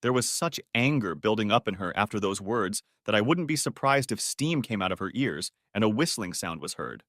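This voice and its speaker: A man narrating a first-person drama audiobook in a dramatic, expressive way. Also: lowish voice, moderate pace, hardly any pauses, no room sound, studio quality.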